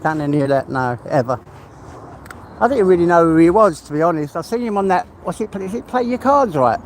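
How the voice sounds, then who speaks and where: A man's voice: on the high side, slight background noise. A man chatting casually on a live stream while out walking, swearing freely and laughing often. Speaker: livestream host. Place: outdoors on a walk.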